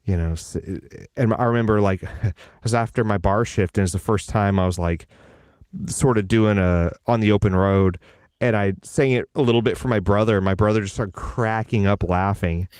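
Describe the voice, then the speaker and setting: A voice actor, a man, chatting casually and telling animated stories, slipping briefly into character voices. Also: on the low side, normal speed, clear, resonant tone, no room sound, clean studio sound. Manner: animated storyteller who slips into character voices. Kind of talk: casual conversation.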